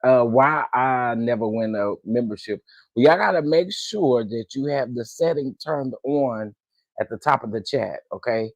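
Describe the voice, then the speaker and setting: A man with a gravelly, creaky edge hosts a relaxed livestream, calling out viewers by name with playful, drawn-out greetings. He talks. The sound is close and dry, with no room around it. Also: medium pitch, dry recording. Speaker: livestream host. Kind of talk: casual livestream chat.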